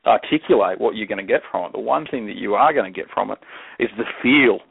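An Australian man talks in a relaxed, rambling way, his low voice full of gravelly fry. He sounds dry and close, squeezed through a thin, phone-like call line. He laughs often and restarts his sentences as he goes. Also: fast, a little hiss or hum. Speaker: guest herpetologist. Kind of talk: casual podcast chat. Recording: tinny phone-like call audio.

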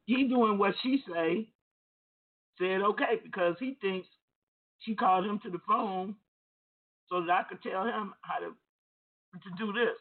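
Pastor guy telling a story in back-and-forth quotes, high voice, sounds like a phone line. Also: a little slow, pauses often. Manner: retells a phone call in quoted dialogue, repeats words. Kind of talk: storytelling sermon.

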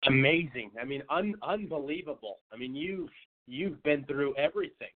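Host with a higher voice on a thin line. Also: male voice, expressive, moderate pace. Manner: encouraging, short reactions. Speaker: talk show host. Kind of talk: casual interview chat. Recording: tinny phone-like audio.

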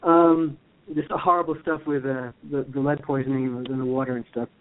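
A man's voice: medium pitch, little pitch movement, fairly quick. A man in his fifties from the USA, co-hosting a casual chat, playful and chatty with easy laughs. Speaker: co-host, actor. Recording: tinny phone line.

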